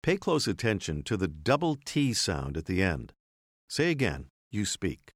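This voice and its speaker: A man narrates a language lesson in a clear, measured way. His voice sits fairly low but rises and falls a great deal. The recording is dry and close. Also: sing-song, dry recording. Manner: clear, measured teacher's delivery. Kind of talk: scripted instructional narration.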